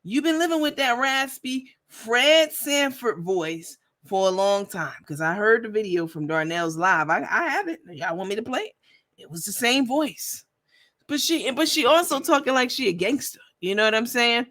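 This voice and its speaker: A woman's voice: a little high, expressive, moderate pace, a bit bright. A woman hosting a commentary stream in a blunt, profane, sassy manner. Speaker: host. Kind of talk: commentary vlog.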